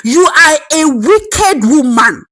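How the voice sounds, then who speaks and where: A woman voicing a fierce older grandmother who scolds loudly. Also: high voice, sing-song, slow pace, dry recording, voice pushed up, exaggerated voice, low-quality recording. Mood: scolding. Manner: scolding, shouting, emphatic.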